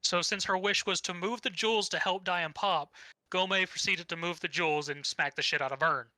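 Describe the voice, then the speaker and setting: Bright-voiced young guy rambling anime recap. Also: high-pitched, moderate pace, no room sound, low-quality recording. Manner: rambling, swears casually, acts out quotes. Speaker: podcast co-host. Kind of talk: casual anime recap chat.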